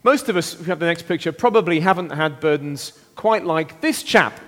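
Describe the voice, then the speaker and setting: Guy preaching to the congregation, pretty high voice, playful and bouncy, lots of oh my word, echoey church hall. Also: fast talker, few pauses. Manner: lively, playful, exclaiming. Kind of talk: interactive all-age sermon.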